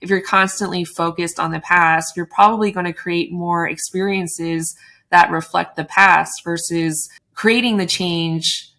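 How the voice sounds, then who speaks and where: A woman hosting a podcast, talking about tarot in a reflective, measured way with frequent "like" and "you know". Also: fairly low pitch, steady tone, bright, forceful tone. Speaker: podcast host. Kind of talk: casual spiritual conversation.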